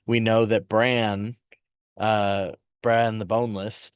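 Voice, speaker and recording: A man's voice: fairly low pitch, flat delivery, slow, smooth, no room sound. Dry-sounding man chatting on a podcast. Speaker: podcast co-host. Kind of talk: casual chat recapping a TV series.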